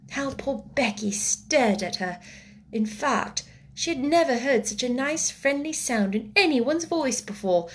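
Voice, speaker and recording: A woman narrating a classic children's story aloud, expressive, sometimes slipping into a hushed whisper. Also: sits high, a little slow. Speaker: audiobook narrator.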